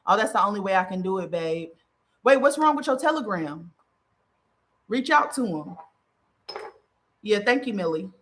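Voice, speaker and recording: A woman's voice: mid-range voice, expressive, normal speed, long pauses, a little hiss or hum. A woman hosting a casual spiritual livestream, talking emphatically and bluntly to her followers. She swears freely, repeats herself, and keeps checking in with "okay?". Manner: emphatic and repetitive, often asking "okay?"; profane and blunt.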